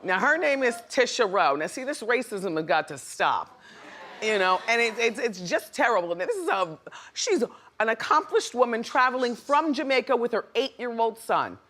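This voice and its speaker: A woman's voice: a little high, expressive, normal speed, a bit bright. A woman hosting a talk show, chatting playfully and laughing often with her studio audience.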